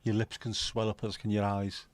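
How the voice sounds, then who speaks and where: A male livestream host chats casually and cheekily with his viewers, reading their comments aloud by name. His voice is lowish and monotone at a moderate pace, with no echo.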